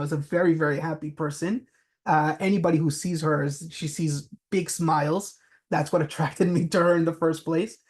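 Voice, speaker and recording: A man giving a business talk, telling anecdotes with frequent fillers. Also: on the high side. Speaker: presenter.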